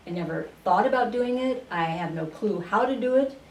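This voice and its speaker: A woman being interviewed on a radio show, telling her story at an unhurried pace with many fillers and restarts. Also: mid-range voice, lively intonation. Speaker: interview guest, spiritual channeler. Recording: roomy, distant radio studio sound with faint noise.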